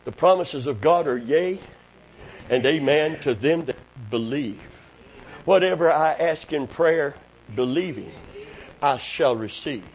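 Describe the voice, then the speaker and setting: A man preaching a sermon, dropping to quiet, intimate talk and rising to shouted praise. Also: fairly high pitch, lively intonation, a little slow, rough recording.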